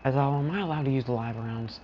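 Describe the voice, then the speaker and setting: A man's voice: medium pitch, quick pace, highs cut off, slight background noise, lightly acted. A man voicing a cool, unbothered young male mercenary in a laid-back, matter-of-fact way. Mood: deadpan.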